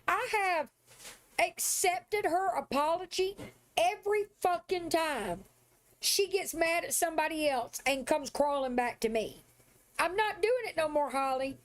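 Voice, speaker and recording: Streamer, woman, high voice, swearing, sassy, confrontational. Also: expressive, a little slow. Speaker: live streamer. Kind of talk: angry livestream rant.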